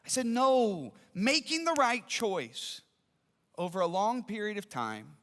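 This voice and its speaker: A man's voice: sits high, big pitch swings, takes it slowly, fairly bright tone. A man in his forties preaching a sermon, telling a family story with acted-out dialogue. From American Midwest. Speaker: pastor. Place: church auditorium. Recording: long reverb of a large hall.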